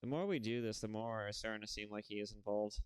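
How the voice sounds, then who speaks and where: Smooth-voiced man in sarcastic gameplay commentary. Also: lowish voice, quick pace, dry recording, clean studio sound. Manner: sarcastic, rambling, incredulous. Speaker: let's play host.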